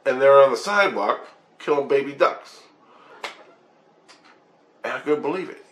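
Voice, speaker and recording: A man's voice: mid-range voice, lively intonation, moderate pace, a bit bright, slight background noise. A man rambling through a personal story in blunt, profane talk, restarting his sentences often. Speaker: vlogger sharing spiritual experiences.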